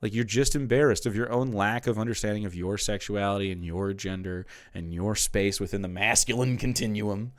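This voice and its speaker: A man's voice: on the low side, a little fast, few pauses, no room sound, studio quality. A man streaming and ranting about politics in a heated, profane, mocking way.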